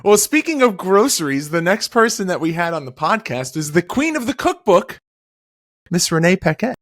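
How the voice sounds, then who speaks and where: A man co-hosting and editing a podcast, ribbing his host in casual chat with a deadpan, teasing manner. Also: sits high, moderate pace, no room sound, clean studio sound.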